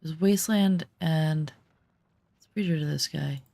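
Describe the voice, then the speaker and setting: Gravelly low-voiced woman gaming. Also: measured pace, mellow, no echo. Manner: rambling, chatty storytelling. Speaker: gaming streamer. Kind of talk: casual chat while gaming.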